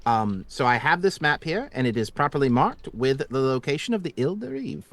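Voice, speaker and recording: A man's voice: mid-range voice, sing-song, no room sound. A man running a tabletop role-playing game, narrating scenes with frequent ums and restarts. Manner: halting, full of ums and restarts. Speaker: game master.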